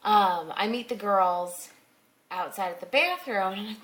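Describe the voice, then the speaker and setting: A woman's voice: mid-range voice, normal speed, fairly bright tone. A young woman telling a rambling personal story in a casual vlog, full of fillers and asides. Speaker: blogger telling personal stories.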